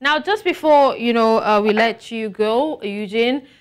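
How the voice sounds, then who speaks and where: Woman news anchor, brisk and formal. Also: fairly high pitch, smooth. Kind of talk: news presenting and interviewing.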